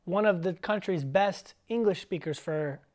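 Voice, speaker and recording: A man's voice: high voice, a little mellow. Playful guy teacher hosting a podcast, chatty and joking around. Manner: playful, chatty, sounds out words slowly. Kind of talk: casual interview.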